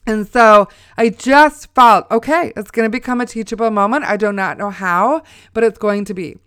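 A woman's voice: medium pitch, normal speed, a bit bright, smooth, no echo, studio quality. A middle-aged woman, a mother, telling a faith story in an earnest, exhorting way. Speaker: mother sharing a faith testimony. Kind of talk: Christian storytelling talk.

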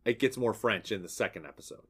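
A man co-hosting a podcast in casual chat, animated and profane, acting out voices as he talks. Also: on the low side, fast, breathy edge. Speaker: podcast co-host.

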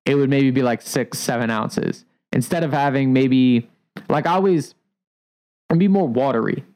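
Picture a laid-back man chatting casually on a podcast, his voice sitting in an ordinary middle pitch. He rambles loosely, stacking up fillers as he explains the finer points of making coffee drinks. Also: moderate pace, poor audio. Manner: relaxed, rambling, many fillers like "like". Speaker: coffee shop barista.

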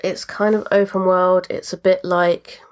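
Low-voiced woman chatting about games. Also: flat delivery, a little slow. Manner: chatty, rambling with fillers and asides. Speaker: podcast host. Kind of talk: casual chat about video games.

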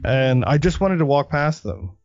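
A man hosting a podcast, telling a story in a lively, animated way during a casual interview. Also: on the high side, normal speed, dull audio, soft background music. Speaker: podcast host.

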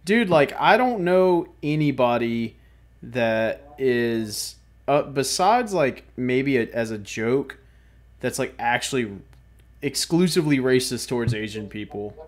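A man's voice: medium pitch, animated, a little slow. A man co-hosting a podcast, talking in a rambling, profane, casual way. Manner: rambling, profane, swings loud. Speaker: podcast co-host. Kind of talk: casual chat.

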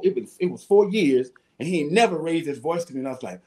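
A man, telling casual stories as a guest, animated and salty-tongued. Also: mid-range voice, fast, hardly any pauses. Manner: animated, swears casually, acts out voices. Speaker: guest, former football player. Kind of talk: casual storytelling.

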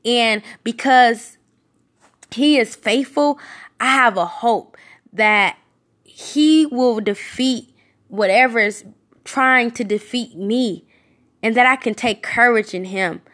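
A woman's voice: fairly high pitch, slow, a bit bright. A woman giving a devotional podcast sermon. She speaks earnestly and casually, with fillers and restarts, and her voice rises when she repeats a question for emphasis. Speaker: podcast preacher.

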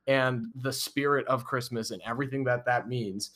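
A man in a loose group debate makes his case in long, rambling runs. His voice sits at an ordinary middle pitch, and he laughs between his points. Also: steady tone, moderate pace, fairly bright tone. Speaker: podcast co-host.

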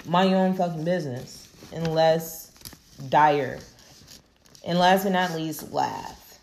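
Low, gravelly-voiced woman podcast host. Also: slow, a little mellow, slight background noise. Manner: laid-back, profane, affirming. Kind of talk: casual solo podcast wrap-up.

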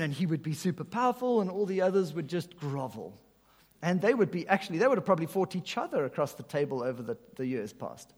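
A male pastor preaching a sermon, swinging between emphatic loud phrases and soft, hushed lines. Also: high voice. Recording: long reverb of a large hall.

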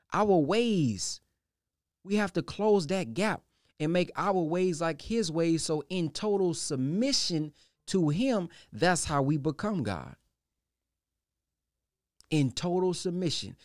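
A man's voice: no room sound, clean studio sound. A man preaching a sermon emphatically, posing rhetorical questions to his listeners. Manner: emphatic, rhetorical questions, pitch swinging widely.

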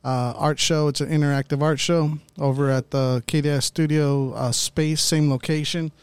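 A man co-hosting a casual podcast, talking in a relaxed, hesitant way with many fillers. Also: on the high side, normal speed, clear, resonant tone, no echo. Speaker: podcast co-host.

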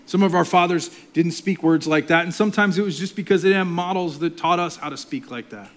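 A middle-aged male pastor preaching a sermon, swinging between loud emphasis and soft, near-whispered passages. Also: a little high, fairly quick.

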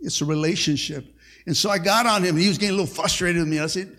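A man's voice: high-pitched, racing, fairly bright tone. A man preaching a sermon as pastor, with call-and-response and frequent "amen.". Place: church sanctuary. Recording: long reverb of a church hall.

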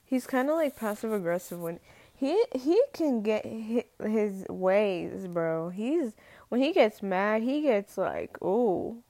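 A woman's voice: medium pitch, gravelly, a little mellow, no echo. A teenage girl talking casually to the camera, slangy and full of "like", drawling and exasperated. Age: teens. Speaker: student vlogger.

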